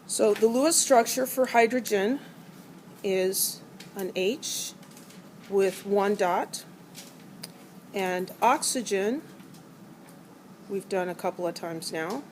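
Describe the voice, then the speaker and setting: Woman, middle-aged, chemistry lecture, playful, classroom, mid-pitched voice, faint background noise. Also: slow, long pauses, a little mellow, rough recording. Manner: playful, acts out atoms as characters. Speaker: chemistry teacher. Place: college classroom.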